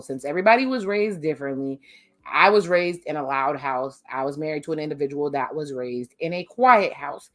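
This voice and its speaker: A young adult woman giving a casual TV recap at home, sassy and animated, with slangy asides and mock-quoted outbursts. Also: sits low, moderate pace. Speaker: TV recap vlogger. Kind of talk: casual TV review.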